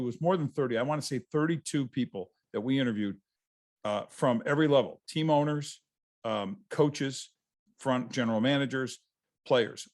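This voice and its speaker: A man's voice: mid-range voice, darkish tone. A man, a guest author, telling stories in a casual interview over a video call, rambling and restarting his sentences.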